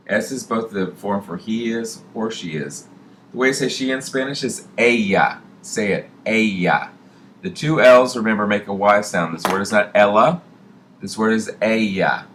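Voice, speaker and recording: A man teaching a Spanish lesson, slowly repeating each example word. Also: lowish voice, fairly bright tone, slight background noise. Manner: slow, deliberate repetition of example words. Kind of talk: recorded classroom lesson.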